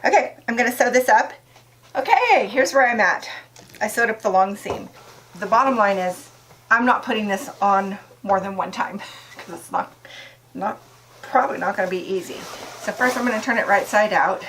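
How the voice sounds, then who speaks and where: A woman talks casually through a hands-on project, thinking aloud in a chatty, upbeat way. Her voice sits at an ordinary middle pitch. A faint noise hums behind her in a small camper. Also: moderate pace, a bit bright, low-quality recording. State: out of breath at times. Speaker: DIY vlogger. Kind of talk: casual talk-through while working. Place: camper interior.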